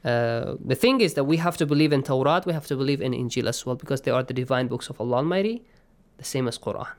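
A man teaching Quran recitation rules. He explains patiently, checks in with his students, and chants verses in a slow, stretched way. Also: medium pitch. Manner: patient, checks in often with "okay?" and "yes?". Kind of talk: online class, explaining and reciting.

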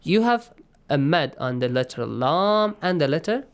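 A man's voice: a little high, very animated, clean tone. Man teaching. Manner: patient, checks in often with "okay?" and "yes?"; breaks into slow stretched chanting of verses. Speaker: Quran recitation teacher. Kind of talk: online class, explaining and reciting.

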